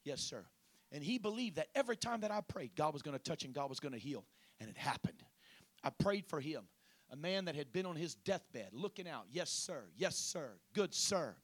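A pastor preaching a testimony, moving from chatty storytelling to loud, fervent prayer. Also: male voice, a little high, very animated, a little fast, no room sound. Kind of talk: sermon testimony.

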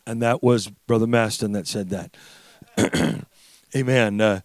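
A middle-aged man preaching a sermon, full of "uh" fillers, rising to shouted passages. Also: lowish voice, steady tone, takes it slowly, long pauses, no echo. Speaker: pastor.

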